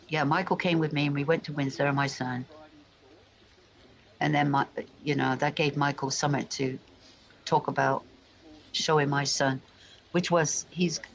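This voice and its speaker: A man's voice: on the high side, gravelly, a little hiss or hum, rough recording. A man from England telling rambling family stories, full of restarts and asides. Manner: meandering, frequent restarts and asides. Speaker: vlogger. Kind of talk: rambling personal storytelling.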